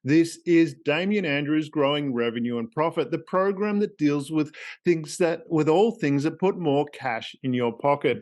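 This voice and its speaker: A man's voice: a little high, lively intonation, normal speed, a little mellow. An Australian man hosting a business podcast with a playful, theatrical delivery and fond wordplay. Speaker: podcast host.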